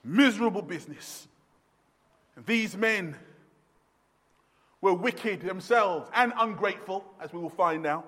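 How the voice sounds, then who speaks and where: Male pastor, very high voice, emphatic preaching that drops to a hush and rises to shouts, long church reverb. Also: a little slow, pauses often. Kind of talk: sermon. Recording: long echoey reverb of a hall.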